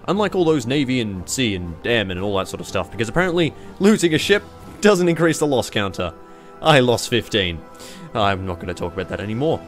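A man with an Australian accent giving sarcastic, profane, animated commentary while playing a strategy game. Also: on the low side, brisk, soft background music. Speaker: gaming YouTuber.

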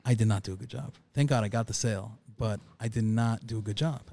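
A man's voice: lowish voice, quick pace, creaky, warm tone, slight background noise. A man who works as a private chef, chatting casually on a podcast and repeating key phrases for emphasis.

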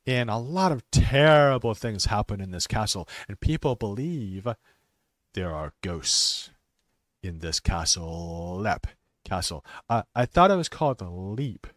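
Casting note: a man hosting a casual ESL stream, low voice that rises and falls a lot, dry close sound. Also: big pitch swings, dry recording. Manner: slow, simple wording with many restarts and fillers; drops to quiet mutters while fixing his stream. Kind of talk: casual talk for English learners.

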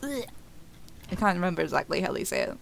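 A woman's voice: on the low side, very animated, brisk, vocal fry, slight background noise. A woman streamer chatting casually over gameplay, giggling often and talking to her chat.

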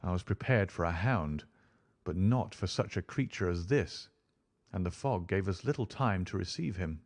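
A calm, commanding middle-aged detective speaks with measured authority, voiced by a male narrator. His voice stays low and even, close to the reader's own. He gives orders briskly and without fuss.

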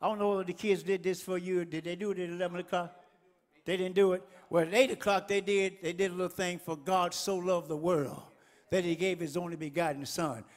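A man preaching a fiery sermon to his congregation as pastor, rising to shouts at the peaks of his phrases. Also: high voice, steady tone, brisk. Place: church sanctuary. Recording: echoey church hall.

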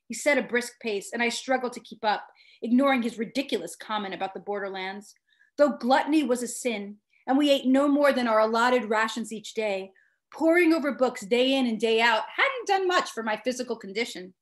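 A woman author reads her own first-person story aloud. Her narration is expressive and storytelling, delivered in a fairly high voice. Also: a little fast.

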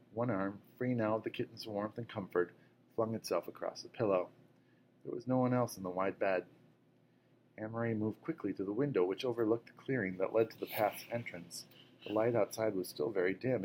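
A man reading a novel aloud in a steady way, now and then correcting a slip. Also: fairly low pitch, slight background noise, low-quality recording. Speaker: reader.

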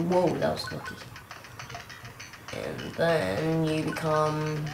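A woman's voice: low voice, vocal fry, noisy background. A woman with a cough giving rambling, chatty commentary on a game walkthrough, exclaiming at the action. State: coughing and clearing throat. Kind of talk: casual gameplay commentary. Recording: roomy with game music behind.

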